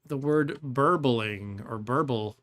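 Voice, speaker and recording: A man's voice: medium pitch, takes it slowly, a bit bright. A man streaming a game with casual commentary, chatty and rambling, laughing often.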